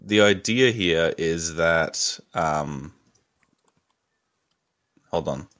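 A man's voice: low voice, drawn-out words, a bit bright. A young man hosting a podcast, speaking in a hesitant casual chat with lots of fillers. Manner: hesitant, many fillers and restarts. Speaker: podcast host.

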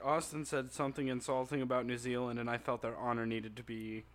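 A man in casual chat about video games, animated and swearing freely. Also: mid-range voice, brisk. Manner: animated, frequent swearing and laughing.

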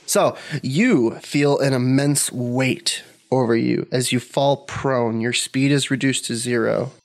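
Calm man running a tabletop game. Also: mid-range voice, takes it slowly, creaky. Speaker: game master.

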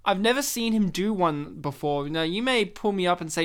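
A man with an Australian accent hosting a casual podcast chat, animated and quick to swear and laugh. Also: high-pitched, clear, resonant tone. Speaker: podcast host.

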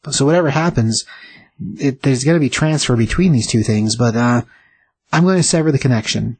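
A man voicing a calm, authoritative sorcerer who is also a surgeon, speaking in a measured, reassuring way. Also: mid-range voice, breathy edge, poor audio. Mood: calm firm.

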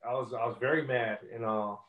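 A man's voice: medium pitch, fairly even intonation, a little fast, narrow, tinny audio. A young man, a rapper, telling his story in a casual interview in loose street slang full of fillers.

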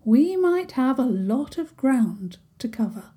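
A woman voicing a brisk, practical hare in a children's storybook. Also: sits high, sing-song, warm tone, pitched above the performer's own voice, full character voice.

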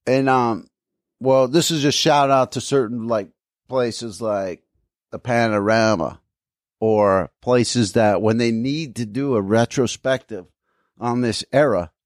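A man in loose, casual podcast chat, spinning long anecdotes and slipping into the voices of the people he quotes. His voice sits at a middling pitch. The sound is dry and close, with no room around it. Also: slow, dry recording. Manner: rambling storyteller, acts out quoted people. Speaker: podcast co-host.

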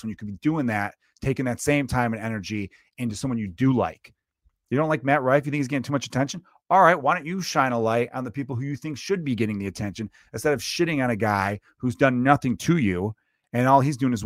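A man in his thirties hosting a solo comedy podcast, ranting in a casual, animated way, dropping swear words. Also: medium pitch, dry recording, studio quality. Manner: conversational and animated, swearing, acting out quotes. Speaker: podcast host.

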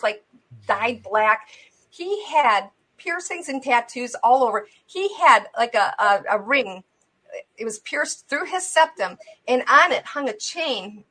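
Talk show guest, a woman with a fairly high voice; animated storyteller who acts out the dialogue, casual with lots of fillers. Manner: animated, acts out the dialogue with big jumps in pitch and loudness; loose and conversational, with many fillers. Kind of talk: telling a personal faith story.

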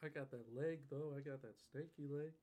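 A man's voice: on the high side, steady tone, fairly quick, a crowd in the background. A young man co-hosting a podcast, giving short agreeing replies and jokes in casual chat. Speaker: podcast co-host.

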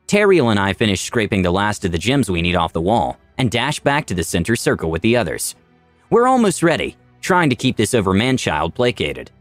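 Man, first-person story narration, wry and dramatic, animated delivery, dry close sound. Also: fairly low pitch, a little fast, no echo, soft background music. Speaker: storyteller of a tabletop campaign.

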